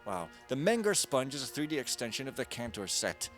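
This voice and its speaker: Male let's-play commentator, mid-pitched, rambling and jokey, swinging between loud bursts and mumbles, close mic, faint game music. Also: lively intonation, fast. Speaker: gaming streamer. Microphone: close desk mic.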